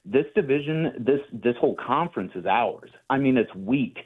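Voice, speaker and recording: A man calls in to a sports radio show and rambles with passion about his home teams. His voice comes through a thin, tinny phone line, at a middling pitch. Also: lively intonation, moderate pace, husky. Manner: passionate, rambling fan talk. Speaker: caller. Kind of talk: sports radio call-in chat.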